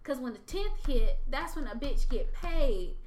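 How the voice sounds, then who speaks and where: A woman with a Southern US accent, co-hosting a podcast in casual chat and telling animated, profane stories. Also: high voice, measured pace, a little hiss or hum. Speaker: podcast co-host.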